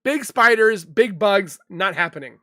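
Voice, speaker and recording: A young man hosts a live chat stream, reading viewer comments and answering them in a loose, rambling way. His voice sits fairly high for a man, and the sound is dry and close with no room around it. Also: lively intonation, bright, forceful tone, no echo. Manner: chatty, reads viewer comments aloud and reacts; loose, with restarts and quick asides. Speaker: livestream host reading chat.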